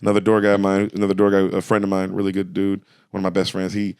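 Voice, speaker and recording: A man, a stand-up comedian, telling a story in casual chat, animated and swearing as he goes. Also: deep voice, fast, clear, resonant tone, no echo, studio quality. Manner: animated, swearing, excitable retelling.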